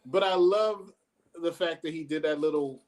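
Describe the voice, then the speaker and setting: A man with a slightly high voice trades sarcastic jokes in a relaxed chat. He laughs at his own jokes and keeps a teasing edge. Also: moderate pace, slight background noise. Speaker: podcast co-host reviewing wrestling. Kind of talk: casual review chat.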